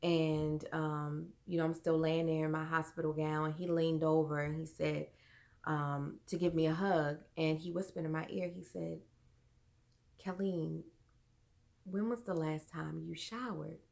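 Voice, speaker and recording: Low flat-voiced woman telling her story. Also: gravelly. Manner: earnest, halting, many fillers. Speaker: vlogger. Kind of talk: personal storytelling.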